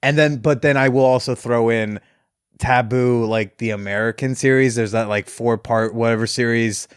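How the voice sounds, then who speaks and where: A man's voice: medium pitch, steady tone, moderate pace, smooth, no room sound. Chatty podcast host man, dry close mic. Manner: rambling, laughs while retelling scenes. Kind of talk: casual chat.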